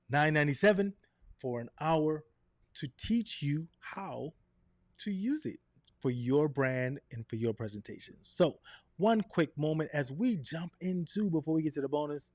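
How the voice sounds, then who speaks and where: A man teaching a live online class on presenting to camera, animated, often checking in with "right?". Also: a little high, no echo, studio quality. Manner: animated, varies tone to demonstrate, frequent "right?". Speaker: presentation coach. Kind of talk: live online coaching session.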